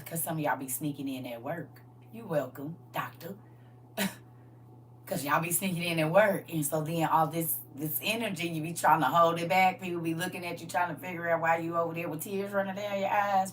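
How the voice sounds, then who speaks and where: A woman preaching casually on a live stream, talking to viewers in a folksy, emphatic way and repeating "listen" and "y'all". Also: low voice. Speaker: livestream preacher. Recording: slightly distant mic with faint hum.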